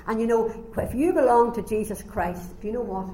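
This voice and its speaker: A woman preaching a sermon, telling a story with animated delivery and acting out the voices. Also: fairly high pitch, brisk. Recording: echoey room, faint ambience.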